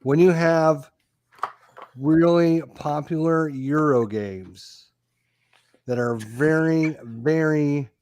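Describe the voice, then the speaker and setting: A man's voice: a little high, extremely slow, a little mellow, a little hiss or hum. An American man hosting a podcast, talking casually in an emphatic, joking way. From United States. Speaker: podcast host. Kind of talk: casual chat.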